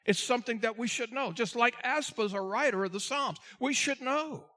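High-voiced man preaching a sermon. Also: pushed and bright. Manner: preaching with dramatic swells and drawn-out emphasis; addresses the congregation directly, asks for responses. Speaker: pastor.

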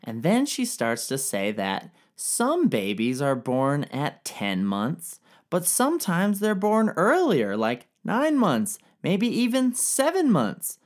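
A young man retelling ancient history as a comedy, slangy and profane. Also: a little high. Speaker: narrator.

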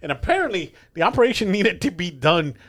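A man's voice: high voice, big pitch swings, a little fast, a bit bright. A man on a podcast telling a story in casual chat, swearing often and laughing as he acts out what others said. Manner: profane, laughing storyteller acting out quotes. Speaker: podcast co-host.

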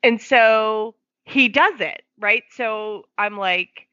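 A woman's voice: a little high, takes it slowly, no echo, muffled recording. A woman, a foster parent, telling a story in conversation and acting out the quoted dialogue. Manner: lively, acts out quoted dialogue.

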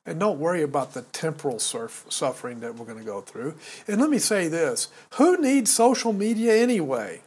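Here the same kind of speaker, an American podcast co-host in his sixties, sounds high and sing-song, a little mellow with a breathy edge. He talks at normal speed with few pauses, exhorting listeners like a preacher and repeating words as he heats up.

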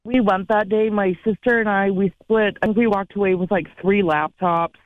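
A male caller sharing an anecdote in halting, broken-off sentences. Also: high voice, fairly even intonation, no echo. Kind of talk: phone-in anecdote. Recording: tinny dry phone line.

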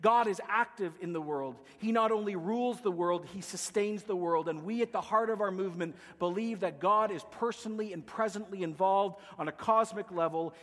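A man with a high voice preaches with emphasis, rising to loud declarations and dropping to hushed lines. His voice rings out with a long hall reverb, as in a church sanctuary. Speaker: pastor. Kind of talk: sermon.

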